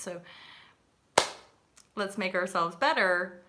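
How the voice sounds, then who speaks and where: A woman's voice: low voice, steady tone, slow pace, long pauses, sharp tone, slight background noise. Bubbly, laughing woman livestreaming. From Canada. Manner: bubbly, laughs often, swears casually. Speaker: livestream host. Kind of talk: casual livestream chat.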